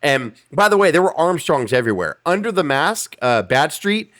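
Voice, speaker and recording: A man's voice: fairly high pitch, sing-song, moderate pace, fairly bright tone. A man hosting a podcast, reviewing wrestling in casual, profane, emphatic chat. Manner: profane, emphatic, acts out quotes. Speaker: podcast host.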